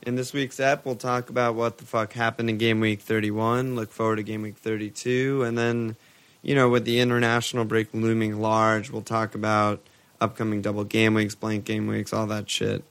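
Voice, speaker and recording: Guy cohosting a podcast, swears a lot, rambles and laughs, voice sits a bit low. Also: flat delivery, normal speed, fairly bright tone, clean tone. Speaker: podcast co-host. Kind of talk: casual chat.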